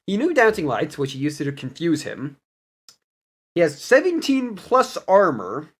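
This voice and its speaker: A young man casually retelling a tabletop game session, animated and laughing as he goes. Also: fairly high pitch, a little slow, husky. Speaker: player recapping a campaign. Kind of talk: casual storytelling recap.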